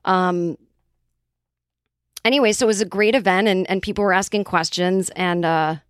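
A woman's voice: medium pitch, moderate pace, clean tone, dry recording, studio quality. Rambling, foul-mouthed woman from Boston. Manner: rambling and profane, full of tangents and fillers. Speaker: comedian and podcast host. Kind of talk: casual chat.

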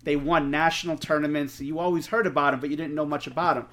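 A middle-aged man, co-hosting a podcast and telling stories in an animated way, swearing freely. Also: fairly high pitch, quick pace. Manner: animated storyteller, swears freely, acts out quotes. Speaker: podcast co-host. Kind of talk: casual storytelling chat.

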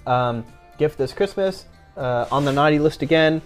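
A man co-hosting a casual live show, relaxed and quick to thank viewers. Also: fairly high pitch, soft background music. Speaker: co-host. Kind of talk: casual chat.

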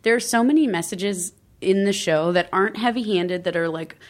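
A young woman with a mid-range voice chats as a guest. She is playful and laughs often as she tosses in quick asides. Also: medium pitch. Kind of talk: casual chat.

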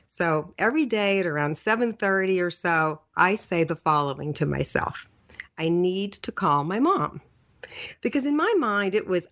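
A middle-aged woman with a lowish voice, hosting a podcast and telling a personal story in an animated, chatty way. She laughs now and then as she talks. The sound is a bit dull and lo-fi, as if taped in a hotel room. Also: moderate pace. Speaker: podcast host. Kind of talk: casual storytelling monologue. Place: hotel room, seated on the floor. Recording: dull lo-fi recording.

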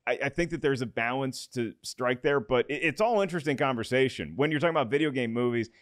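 A man's voice: mid-range voice, fast, dry recording, studio quality. A man hosting a podcast, talking through his views and reading promos in an upbeat, enthusiastic way. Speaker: podcast host.

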